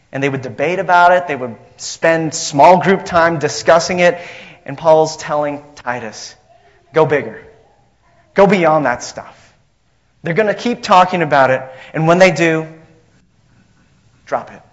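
A man's voice: fairly high pitch, dull audio. A man preaching a sermon as pastor, emphatic and repetitive, asking the congregation questions.

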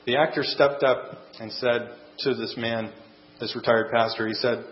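A man preaching a sermon and closing in prayer, earnest and measured, speaking in short phrases. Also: medium pitch, fairly even intonation, roomy sound. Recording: dull lo-fi sound with faint mains hum.

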